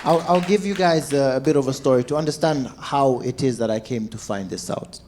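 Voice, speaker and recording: A man, a stand-up comedian telling stories to a crowd and acting out shouts and quoted voices. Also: mid-range voice, fairly quick, noisy background. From Zambia. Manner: animated, acts out shouts and quotes. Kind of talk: stand-up storytelling.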